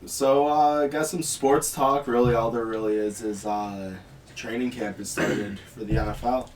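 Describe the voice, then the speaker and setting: Young male co-host, mid-pitch, easygoing, with pauses and fillers, slightly distant mic. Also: reverberant, slight background noise. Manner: relaxed, brings up topics, hesitant fillers. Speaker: podcast co-host. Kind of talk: casual chat.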